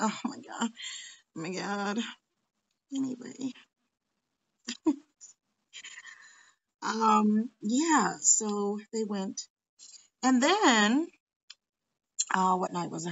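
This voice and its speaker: A middle-aged woman talks casually as she crafts at her kitchen table, with a gravelly, creaky texture in her voice. Her pitch sits in the ordinary middle. She rambles from one story to the next and laughs often along the way. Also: poor audio. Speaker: crafting vlogger. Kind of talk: casual chat while crafting.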